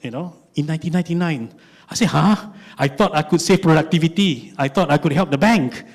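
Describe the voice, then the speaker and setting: A man in his forties with a Malaysian English accent, giving an animated conference talk, telling stories and asking rhetorical questions. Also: a little high, quick pace. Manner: animated storytelling, lots of rhetorical "right?". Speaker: conference speaker.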